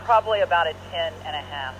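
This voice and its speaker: A man's voice: a little high, fast talker, dull audio, noisy background. A man roaming a golf course at night, doing jokey, upbeat mock interviews for a live stream. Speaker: roving interviewer.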